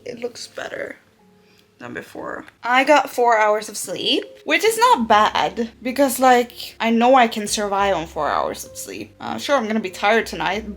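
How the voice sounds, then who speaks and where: Young woman vlogger, higher-pitched, blunt and profane, over background music. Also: creaky. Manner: blunt, swears constantly, ranting. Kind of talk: casual vlog talk.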